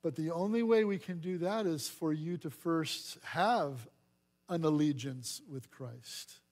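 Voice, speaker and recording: High-voiced pastor preaching animatedly. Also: male voice, a little slow, darkish tone. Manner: dramatic acting out of scripture dialogue. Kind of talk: sermon.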